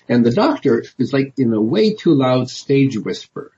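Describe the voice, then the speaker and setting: A man's voice: medium pitch, big pitch swings, normal speed, few pauses, mellow, husky, muffled recording. A man, a politician guest in an interview, telling his story in a rambling way with many restarts and fillers. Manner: rambling, many restarts and "you know", laughs often.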